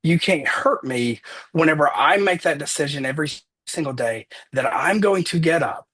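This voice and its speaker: A man in his thirties giving an earnest motivational talk, energetic as he tells personal stories on a call. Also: a little high, moderate pace, breathy edge. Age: 30s. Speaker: motivational speaker.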